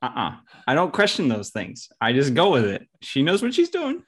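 A blunt, teasing man joking with his co-hosts on a podcast. His pitch swings widely as he talks, and his delivery stays casual and deadpan. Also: normal speed, husky. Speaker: podcast co-host. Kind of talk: casual chat.

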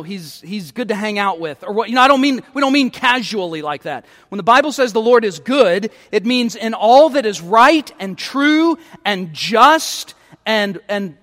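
Emphatic high-voiced male pastor preaching. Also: a bit bright, big-room sound. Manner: emphatic, repeats words when starting a phrase. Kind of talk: sermon.

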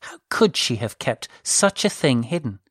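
A narrator reads a fantasy novel with slow, deliberate pacing and even, measured phrasing. The sound is close and completely dry, with no room around it. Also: medium pitch, breathy edge, no room sound. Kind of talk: scripted audiobook narration.

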